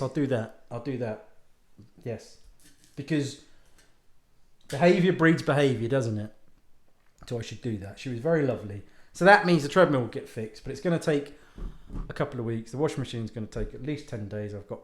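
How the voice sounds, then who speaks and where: Animated man ranting, echoey room. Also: mid-range voice. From United Kingdom. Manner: animated, swears freely, self-mocking. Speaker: podcast host and author. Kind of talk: casual ranting monologue.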